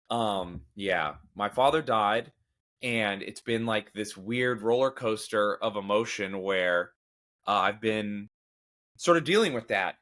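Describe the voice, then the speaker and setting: A man speaking in a candid, self-deprecating monologue, his mid-pitched voice wandering through fillers and restarts. He sounds like a podcast host thinking out loud rather than reading from a script. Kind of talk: candid monologue on grief and faith.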